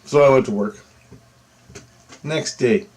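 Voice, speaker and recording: A man telling a personal story in a casual, rambling way, acting out what others said with sudden excited jumps in his voice. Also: slow, husky. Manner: animated, quotes others with big pitch jumps, rambling with restarts. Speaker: storyteller recounting a personal experience.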